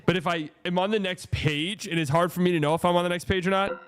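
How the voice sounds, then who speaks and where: A man's voice: sits high, fairly even intonation, fast talker, a loud crowd. A young man hosting a live stream watch party, chatting and joking casually with viewers.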